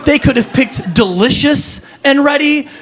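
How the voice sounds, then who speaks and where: A man performing a stand-up comedy set, telling stories with animated, rising punchlines. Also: unhurried. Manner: animated storytelling, jumps to high pitch for punchlines.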